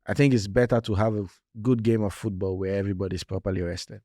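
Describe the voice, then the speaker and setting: A man with a fairly low voice co-hosts a casual football chat, making his points with emphasis and saying them again. The sound is close and dry, with no room around it. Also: fairly even intonation, fast, dark tone, dry recording. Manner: conversational, emphatic, repeats points. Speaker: podcast co-host.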